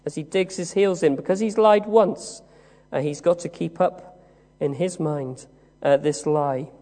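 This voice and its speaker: High-voiced preacher in an echoing hall. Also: male voice, warm tone. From West Country of England. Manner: measured storytelling with frequent "uh" pauses. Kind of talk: sermon. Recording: long reverb of a large hall.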